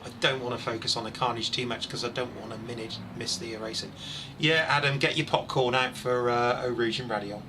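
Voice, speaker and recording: A man over forty doing live, chatty commentary on a sim race, excitable when incidents happen. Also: mid-range voice, a little fast, noisy background.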